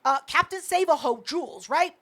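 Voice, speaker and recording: A young woman tells a story on a podcast in a high, lively voice. She swears freely and jumps into other people's lines as she goes. The tone is casual and fast-moving. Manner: animated, swears a lot, acts out quotes. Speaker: podcast co-host.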